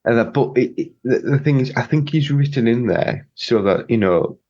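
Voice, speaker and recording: Male podcast co-host, mid-pitched, rambling chatty delivery, muffled lo-fi mic. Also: animated, normal speed, darkish tone. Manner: rambling, many restarts. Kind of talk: casual podcast chat. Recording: dull lo-fi mic.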